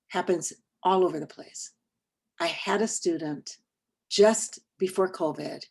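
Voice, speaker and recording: A woman giving an online training presentation in an earnest, deliberate way, speaking over a video call and trailing into a soft near-whisper at the end of her points. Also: on the low side, gravelly, breathy edge. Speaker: workshop trainer.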